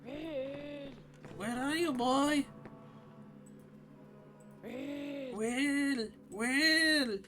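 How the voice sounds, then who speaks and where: A high, shrill housekeeper woman frets and scolds as she hunts for a lost boy, put on by a man. Her accent is a wobbly, uncertain foreign one, and her calls carry a thin, strained edge. It sounds like a video game character being improvised on the spot. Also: exaggerated voice.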